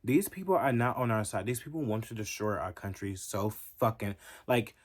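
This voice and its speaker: A man with a lowish voice delivers a profane, heated reaction rant straight to his viewers. He talks emphatically and angrily as a vlogger. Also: lively intonation, normal speed. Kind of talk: ranting reaction commentary.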